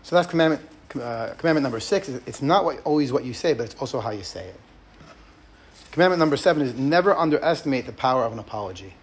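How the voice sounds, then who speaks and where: A man's voice: medium pitch, expressive, quick pace, a little hiss or hum. A middle-aged man hosting a podcast, talking earnestly and conversationally about marriage and acting out short example quotes. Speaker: rabbi and podcast host. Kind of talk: podcast teaching talk.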